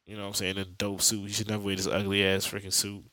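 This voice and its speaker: A man's voice: on the low side, monotone, fast talker, pushed and bright, no room sound. A man hosting a podcast, giving a rambling, profane, slang-filled recap of a comic book. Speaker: podcast host. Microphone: podcast mic.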